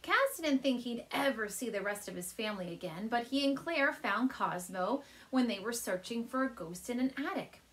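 A woman reads a storybook aloud to children with a lively, swooping voice. She sits comfy on her couch at home and talks gently to the kids between pages. Her voice sits a touch high. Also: normal speed, hardly any pauses. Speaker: teacher reading aloud.

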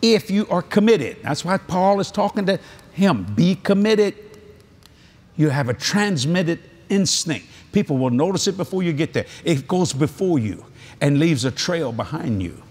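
A man's voice: a little high, expressive, unhurried, a little mellow, slightly rough. A male preacher delivering a convention sermon, telling stories animatedly with laughs and asides.

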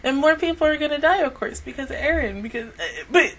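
Exasperated woman with a lively, bright voice. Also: high-pitched, unhurried, a little hiss or hum. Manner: exasperated, swearing, sighing, trailing off. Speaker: anime reaction YouTuber. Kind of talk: emotional reaction vlog.

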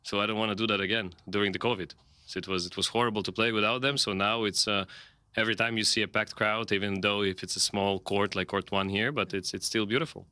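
A man with a low, bright, crisp voice rambles frankly through a casual post-match interview. He keeps restarting his sentences and leaning on "you know", and his tone stays playful. The sound is dry and close. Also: fairly even intonation, fast, dry recording. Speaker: tennis player interviewee. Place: interview set, indoors.

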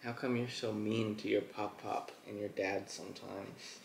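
A man's voice: on the low side, fairly even intonation, a little slow, vocal fry. A man, the dog's owner, asking brief, plain questions, heard roomy and off-mic.

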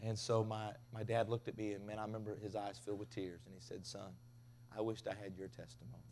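A man preaching a revival sermon, telling stories with big swings from loud to hushed. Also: fairly low pitch, level tone, fast talker, slight background noise. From Tennessee. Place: revival tent.

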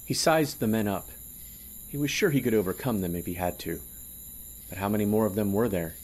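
A man narrating an audio drama in a measured, storytelling delivery. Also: lowish voice. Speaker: narrator and producer.

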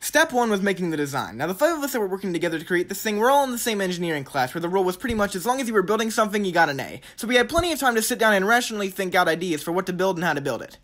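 A man's voice: sits high, sing-song, rapid-fire, few pauses, fairly bright tone. A young man telling a comedic story from his school days in a sarcastic, mock-dramatic way. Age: young adult.

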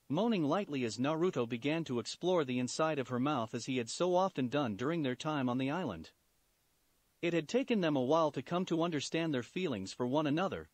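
A man narrating a fan-fiction story in an expressive reading style. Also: fairly high pitch, no room sound.

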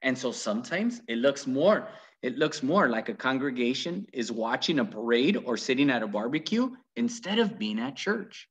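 A man reading a children's book aloud with very lively, animated storytelling. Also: mid-range voice, moderate pace, hardly any pauses, slightly rough. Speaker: reader.

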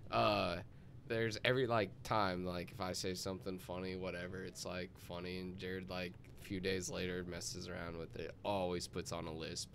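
A man's voice: deep voice, flat delivery, moderate pace, vocal fry, a bit bright, slight background noise. Laid-back young man chatting. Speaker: podcast guest. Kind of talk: casual chat.

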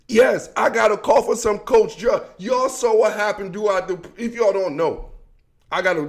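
A man's voice: high-pitched, moderate pace. Fired-up man ranting about football. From Washington DC area. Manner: heated, slangy, talks straight to viewers. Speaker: sports commentary host. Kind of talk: emotional sports rant.

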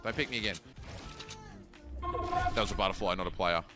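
A man giving live commentary to his chat while playing a tournament match, excitable, swearing and yelling at opponents. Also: fairly low pitch, normal speed, over loud music. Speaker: streamer playing a battle royale tournament.

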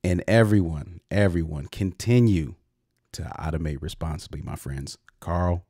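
A man's voice: low voice, moderate pace, mellow, no room sound, clean studio sound. A man hosting a podcast interview, talking in an effusive, casual way with many repeated words and restarts. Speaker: podcast host.

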